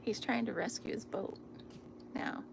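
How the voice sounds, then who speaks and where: This vlogger's voice is medium-pitched and creaky, and she speaks a little slowly. She's outdoors by a river chatting casually into her phone, amused and often dropping nearly to a whisper, while loud river noise runs through the recording.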